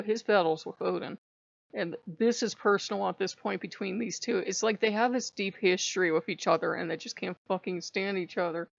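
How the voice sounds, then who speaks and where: A woman who vlogs in an animated, frank way, swearing freely and laughing between her thoughts. Her voice sits at an ordinary middle pitch. The recording sounds dull and dry, with no room echo. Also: creaky. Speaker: spiritual vlogger. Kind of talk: casual monologue to camera.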